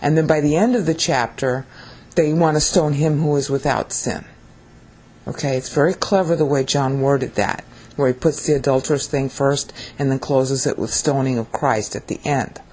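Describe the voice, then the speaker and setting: Husky low-voiced woman teaching scripture. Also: fairly even intonation, normal speed, a little mellow. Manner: conversational, repeats "okay?" to check in. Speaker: Bible teacher. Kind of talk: casual video teaching.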